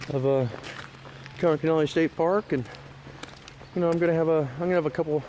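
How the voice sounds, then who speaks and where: A man's voice: fairly high pitch, fairly even intonation, fairly quick, a little mellow, slight background noise. A middle-aged man from Washington State rambling through a casual outdoor vlog by a lake, with lots of restarts and fillers, and getting emphatic when he scolds. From Washington State, USA. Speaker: vlogger. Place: outdoors at a lakeside park.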